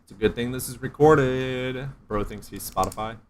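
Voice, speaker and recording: A man hosting a casual livestream, reading chat aloud, excitable and quick to swear with loud outbursts. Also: medium pitch, slight background noise.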